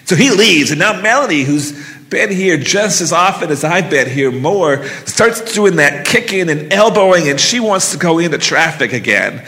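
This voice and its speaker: Man, live storyteller, high bright voice, intense halting delivery, stage mic with long hall reverb. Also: expressive. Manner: intense, halting, emotional retelling.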